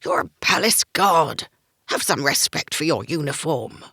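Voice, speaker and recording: Woman doing a stern male sergeant, curt, barking, gravelly, dry sound. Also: sits low, animated, a little slow, bright, forceful tone, no room sound, heavily acted. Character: gruff stern male sergeant, duty-bound.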